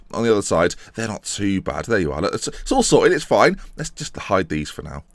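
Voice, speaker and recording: A man's voice: mid-range voice, a bit bright, no room sound, clean studio sound. A man giving jokey, rambling football-game commentary in the manner of a pundit. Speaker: gaming commentator. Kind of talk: casual Let's Play commentary.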